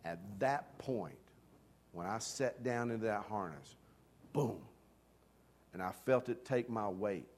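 Animated preacher man telling a story. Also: lowish voice, slow pace, long pauses, a little hiss or hum. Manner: animated, swings from hushed asides to loud excited bursts; self-deprecating humor. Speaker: pastor. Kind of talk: storytelling sermon.

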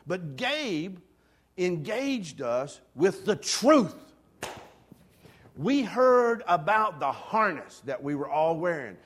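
Guy preaching, tells a funny story on himself, kinda high voice, goes quiet then loud. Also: takes it slowly, breathy edge. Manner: animated, swings from hushed asides to loud excited bursts; self-deprecating humor. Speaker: pastor. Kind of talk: storytelling sermon.

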